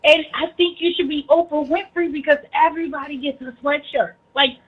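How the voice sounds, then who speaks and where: Brief: high-pitched, husky woman, animated teasing banter, dull lo-fi sound. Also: fairly quick. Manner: animated, teasing, laughs often. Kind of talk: casual teasing chat.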